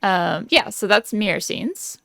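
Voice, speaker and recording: A woman's voice: medium pitch, expressive, a little slow, creaky, fairly bright tone, no room sound, studio quality. A woman guest on a podcast, chatting casually with lots of fillers and easy laughs. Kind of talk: casual chat.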